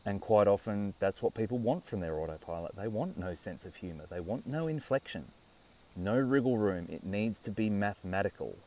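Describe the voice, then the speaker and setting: A man's voice: on the low side, animated, normal speed, warm tone, distant mic, poor audio. A man giving a rambling, conversational live talk, with frequent restarts and asides. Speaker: speaker on esoteric topics.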